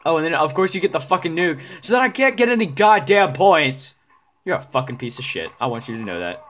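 Male gamer commentator, bright tense tone, lively swooping pitch, profane ranting. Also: a little fast, slight background noise. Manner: profane, ranting, bursts into yelling. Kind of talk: let's-play gaming commentary.

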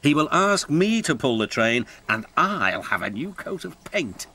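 A man's voice: fairly high pitch, very animated, pushed and bright, slightly rough, heavily acted. A man with a British accent voicing a snooty, proud male engine who drags his words. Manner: snorting, drawn-out.

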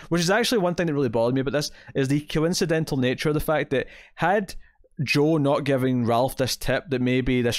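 A man's voice: medium pitch, no echo. A man co-hosting a podcast, chatting casually about TV episodes, rambling with fillers and quoted asides. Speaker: podcast co-host. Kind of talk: casual TV review chat.

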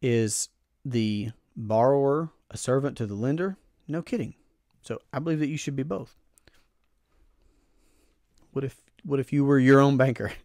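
Man, podcast host, earnest, emphatic, repeats phrases, mid pitch, dry close sound. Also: darkish tone, no echo. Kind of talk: explanatory finance talk.

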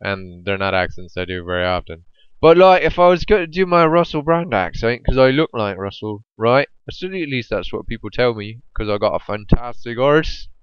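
A young man casually commentating his own game, rambling and joking, sometimes slipping into brief squeaky silly voices. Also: lively intonation, moderate pace, smooth, dull audio.

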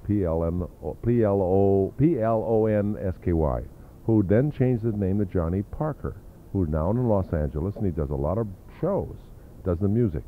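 A man's voice: low voice, expressive, moderate pace, narrow, tinny audio, a little hiss or hum. An older man reminiscing in an interview, telling rambling anecdotes full of fillers and asides. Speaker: interview guest, drummer.

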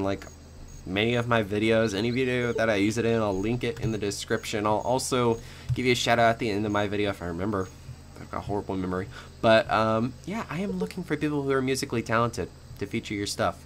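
A young man talking casually over his gameplay as a channel host, rambling with many fillers and little laughs, in a fairly monotone way. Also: fairly low pitch, a little hiss or hum. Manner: rambling, chatty, frequent fillers and small laughs; admits to a somewhat monotone delivery.

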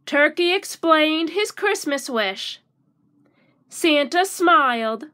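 Woman, storybook read-aloud, high bright voice, very slow unhurried pace, expressive for children. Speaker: teacher reading a storybook.

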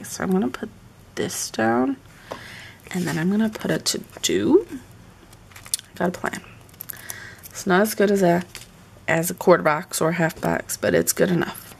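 Gravelly woman murmuring to herself. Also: on the low side, slight background noise. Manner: chatty, often murmuring half-whispered asides to herself. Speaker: planner decorating vlogger. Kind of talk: casual live-stream craft chat. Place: at home with her pets.

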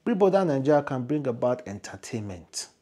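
A man with a Nigerian accent voicing a male heavenly voice that scolds and mocks, repeating taunts slowly and loudly. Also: mid-range voice, sing-song. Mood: preaching.

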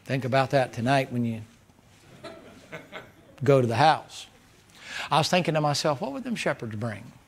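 Folksy preacher man. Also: medium pitch. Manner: folksy, preacherly, swings between loud and hushed. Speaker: pastor. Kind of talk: sermon.

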